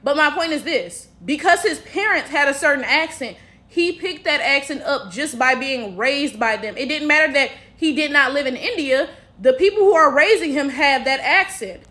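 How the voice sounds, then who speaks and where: High, bright-voiced woman ranting bluntly. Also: animated, normal speed. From United States. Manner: blunt, profane ranting with rhetorical asides. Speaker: commentator. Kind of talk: casual commentary vlog.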